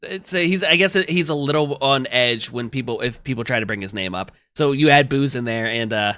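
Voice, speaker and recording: Hesitant tabletop player, halting casual speech. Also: mid-range voice, bright, forceful tone.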